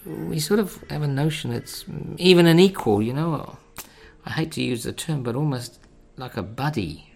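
A man preaching a sermon in an earnest, measured way, rising to emphatic stresses. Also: on the high side, expressive, vocal fry.

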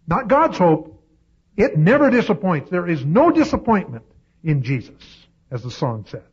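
A man preaching a sermon, swinging from loud, high-pitched peaks to low, quiet asides. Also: sing-song, measured pace, slightly rough. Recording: dull lo-fi recording.

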